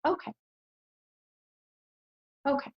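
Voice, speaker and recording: A woman's voice: slow, highs cut off. An American woman hosting a psychic reading as a medium, speaking hesitantly with many fillers and bursts of delight.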